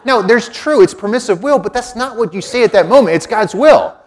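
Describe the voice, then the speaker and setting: A man's voice: sits high, fast. A middle-aged man, a Catholic priest, preaching a conversational sermon and acting out quotes in different voices.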